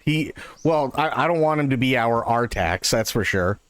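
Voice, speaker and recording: A man live-streaming a game, chatting casually and telling jokes in a profane, expressive way into a close microphone. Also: medium pitch, normal speed.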